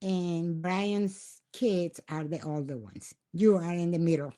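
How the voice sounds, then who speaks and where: A woman's voice: on the low side, slow pace, mellow. An older woman from Mexico with a Mexican accent and Spanish as her first language, telling stories in simple English on a casual podcast and laughing often. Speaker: guest.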